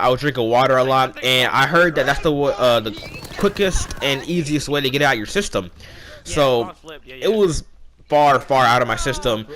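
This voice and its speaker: A young man with a bright, forceful voice tells a personal story in a loose, casual way. He rambles and acts out the dialogue of the people in it. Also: mid-range voice. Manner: rambling, animated retelling with quoted dialogue. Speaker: vlogger.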